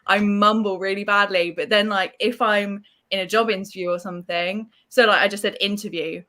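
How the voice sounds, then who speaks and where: A young woman guesting on a casual chat over a video call, relaxed and giggly. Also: medium pitch, brisk. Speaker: guest, film reviewer.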